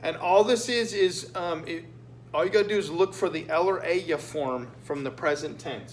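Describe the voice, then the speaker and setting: Briskly and in a slightly high voice, a man guides his Spanish class through a written exam. He explains things patiently, repeats them, and asks "okay?" often. The recorded lesson has an echoey sound and a faint hum.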